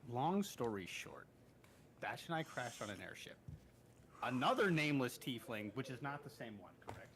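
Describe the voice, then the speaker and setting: A man's voice: mid-range voice, expressive, normal speed, fairly bright tone, slight background noise. A man playing a tabletop game, a little drunk and slurring, rambling through recaps and correcting himself. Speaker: player. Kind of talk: casual tabletop game chat.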